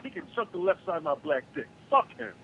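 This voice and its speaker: A man calling in by phone, ranting with heavy profanity about politics in a heated, animated way. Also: high voice, fast talker, gravelly, slight background noise. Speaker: caller. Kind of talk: angry political rant on a call-in show. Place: South Carolina. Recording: tinny phone line.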